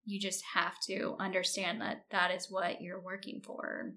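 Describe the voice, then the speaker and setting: A woman's voice: lowish voice, level tone, a little slow, pushed and bright. A woman co-hosting a casual podcast as a military spouse, chatty and full of "like"s. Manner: chatty, with many "like"s, often laughing. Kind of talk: casual chat.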